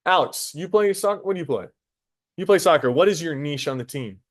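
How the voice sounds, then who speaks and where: A man teaching a high school biology class, casual and talkative, stopping to quiz students directly. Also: expressive, a little fast. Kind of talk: classroom lecture.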